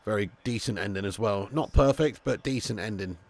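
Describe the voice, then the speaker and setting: A man hosting a live football watch-along, chatting casually to viewers, swearing freely, and getting loud when calling goals. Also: lowish voice, brisk, creaky. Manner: casual, laddish, swears freely, calls viewers mate and lad. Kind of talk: live streamed football commentary and chat.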